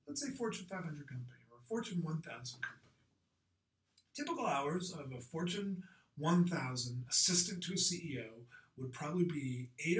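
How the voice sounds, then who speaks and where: A man coaching a group call on sales tactics. He talks in a direct, punchy, conversational way and adds lively asides. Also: fairly high pitch, echoey room, distant mic, poor audio.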